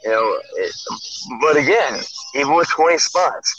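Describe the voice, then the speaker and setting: A man's voice: a little high, very animated, moderate pace. A man co-hosting a podcast in casual chat, rambling with lots of fillers, calling in from a noisy public place. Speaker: podcast co-host. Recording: dull lo-fi audio over a noisy crowd.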